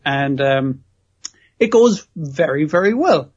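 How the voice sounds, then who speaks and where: A man's voice: medium pitch, moderate pace, husky, highs cut off. A man co-hosting a podcast, rambling through an episode recap with constant swearing and frequent laughs. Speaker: podcast co-host. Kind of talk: casual chat recapping an episode.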